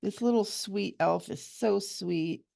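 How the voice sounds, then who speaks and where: A woman hosting a relaxed coloring tutorial, chatting gently and cooing over small details as she works. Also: mid-range voice, slow pace, vocal fry. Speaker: coloring channel host and hypnotherapist.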